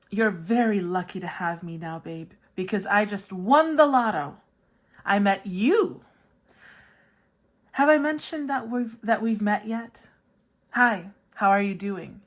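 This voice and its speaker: A woman tarot reader delivering a playful love letter, joking in a sing-song way and turning soft and earnest in the serious parts. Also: mid-range voice, slow. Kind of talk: channeled love letter reading.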